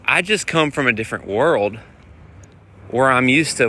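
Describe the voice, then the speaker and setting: A man, a touring guitar player, telling road stories in a rambling, animated way while walking outdoors. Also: mid-range voice, slow, long pauses. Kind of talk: casual vlog storytelling. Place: outdoors on city streets. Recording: outdoor street noise and wind.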